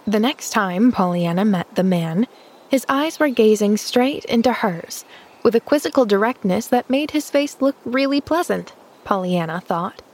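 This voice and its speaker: A woman reading a classic novel aloud as narrator, in an even, measured way. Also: medium pitch. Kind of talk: scripted narration.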